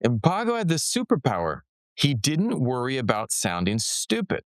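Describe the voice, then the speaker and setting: Male podcast host, lively up-and-down delivery, chatty storyteller who laughs easily, dry studio mic. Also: medium pitch, moderate pace, no echo. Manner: animated storyteller, laughs often, lots of "like". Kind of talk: casual podcast conversation.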